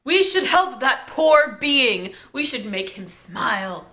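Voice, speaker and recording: A woman voicing an earnest, dramatic teenage girl who speaks slowly. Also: high-pitched, sing-song, bright, forceful tone, heavily acted.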